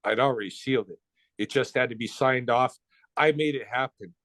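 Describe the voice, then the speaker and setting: A middle-aged man from the Blackfoot Nation, talking as an interview guest in a blunt, profane, relaxed storytelling way. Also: medium pitch, brisk, dry recording. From Blackfoot Nation, North America. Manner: relaxed, conversational, with short restarts.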